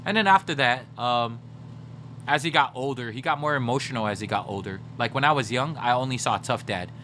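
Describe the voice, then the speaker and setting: Guy on a gaming livestream, loose and animated, swears a lot, talks right at his chat, real bright forceful voice. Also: mid-range voice, fairly quick, slight background noise. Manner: animated storyteller, swears, addresses chat directly; reads out and answers chat messages.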